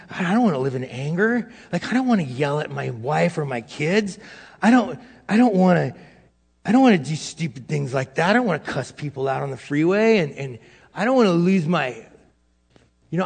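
A middle-aged male pastor giving a sermon in a casual, self-deprecating way, swinging between loud and hushed. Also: high voice, creaky, breathy edge. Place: church hall. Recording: long hall reverb.

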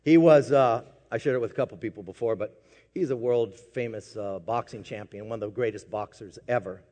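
A man preaching a sermon as pastor, swinging from quiet asides to loud emphatic peaks. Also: fairly low pitch, a little fast, big-room sound.

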